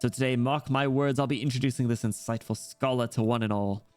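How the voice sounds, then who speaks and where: A man's voice: medium pitch, fairly even intonation, brisk, darkish tone, natural voice. A man voicing a pompous older noble uncle in a game story, reading it in a mock-British manner over faint music. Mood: stately.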